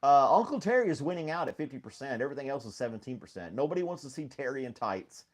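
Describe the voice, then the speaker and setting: A man's voice: mid-range voice, fast. Laid-back man chatting. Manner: relaxed, rambling, laughs often, greets viewers by name. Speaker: live-stream host. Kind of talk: casual chat with live chat readers.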